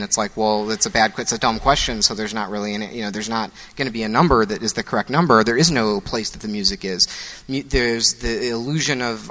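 A man works through an idea out loud, breaking off and restarting his sentences as he goes. His voice is bright, and a long hall reverb trails behind it. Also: mid-range voice. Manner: thinks aloud, restarts sentences. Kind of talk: casual philosophical chat.

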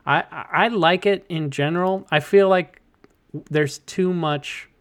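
A man's voice: a little high, measured pace. A man co-hosting a casual podcast chat, laughing often and slipping into goofy voices. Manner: animated, laughing, puts on silly voices in quotes. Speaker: podcast co-host.

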